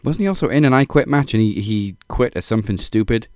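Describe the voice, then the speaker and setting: A man's voice: fairly low pitch, quick pace, a little mellow, no room sound. A man co-hosting a casual wrestling podcast, laid-back, with dry remarks. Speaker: podcast co-host.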